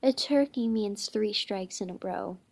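A woman's voice: mid-range voice, a little slow, gravelly, a little mellow. A woman reading aloud, voicing a mother at a children's bowling party in her own plain voice. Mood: pleased.

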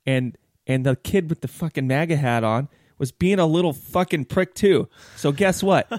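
A man's voice: fairly high pitch, moderate pace, a little mellow, no echo, clean studio sound. A man co-hosting a podcast, telling stories animatedly and swearing a lot in casual chat. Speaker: podcast co-host.

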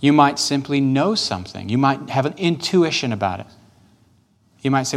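Gentle pastor guiding a prayer. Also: male voice, medium pitch, animated, normal speed. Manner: gentle, patient, repetitive coaching. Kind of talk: guided prayer sermon.

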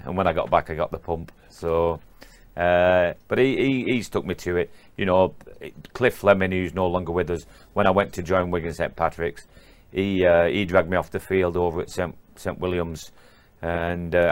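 Brief: older ex-player, very low voice, dry close sound, halting recollection. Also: male voice, clear, resonant tone, no room sound. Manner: halting, repeats words at starts. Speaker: former rugby player. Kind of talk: interview recollection.

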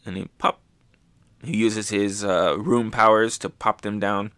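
Host, male, low voice, dry close sound, excitable manga recap. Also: normal speed, clear, resonant tone, no room sound. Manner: excited, often dropping soft. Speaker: podcast host.

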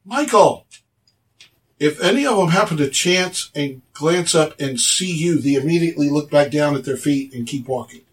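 A man narrating a tabletop game as game master, loose and relaxed, recorded on a distant mic. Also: fairly high pitch, moderate pace.

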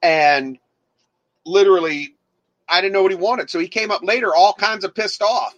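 A man with a Southern accent, co-hosting a casual livecast and telling stories in a lively, profane way, acting out the people in them. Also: high-pitched, moderate pace, highs cut off. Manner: profane, animated storyteller who jumps into acted voices. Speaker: livecast co-host and former DJ. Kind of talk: casual chat and storytelling.

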